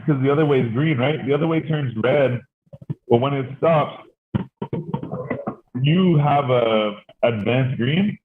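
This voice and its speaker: A Canadian podcast host tells a story in casual chat, using a mid-range voice at a measured pace with frequent pauses. He rambles with many fillers and swear words, and the tinny, phone-like recording has a noisy background.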